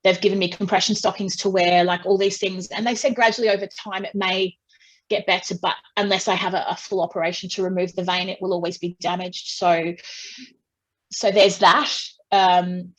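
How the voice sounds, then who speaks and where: A woman's voice: mid-range voice, level tone, normal speed, low-quality recording. A woman singer in an interview, talking casually and at length, often restarting phrases and acting out what people said. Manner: chatty, restarts often, acts out quotes.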